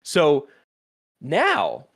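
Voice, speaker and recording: A man's voice: on the high side, drawn-out words, creaky. A man co-hosting a casual podcast, ranting about a pet peeve with lots of swearing and frequent laughter. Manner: profane, animated, laughing often. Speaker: podcast co-host.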